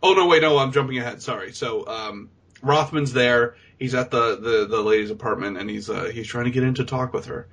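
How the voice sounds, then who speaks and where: Man, husky voice, animated, laughing recap, casual podcast chat. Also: mid-range voice, brisk. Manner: animated storyteller, laughs often, acts out the characters. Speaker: podcast co-host.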